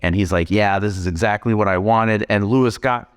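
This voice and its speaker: A man's voice: lowish voice, a little fast, smooth. A man co-hosting a podcast, casually retelling a movie plot and tossing in quoted lines. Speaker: podcast co-host. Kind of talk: casual film recap chat.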